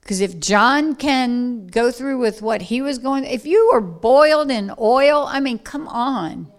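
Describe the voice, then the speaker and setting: A woman preaching an informal sermon to a room of listeners, acting out scenes with sudden loud bursts. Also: a little high, slow.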